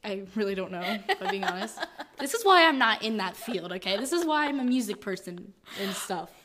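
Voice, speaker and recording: A woman's voice: mid-range voice, big pitch swings, a little fast, noisy background. A woman co-hosting a podcast in casual chat. She is chatty and giggly, uses lots of "like" fillers, and reads a story synopsis in a dramatic voice. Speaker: podcast co-host.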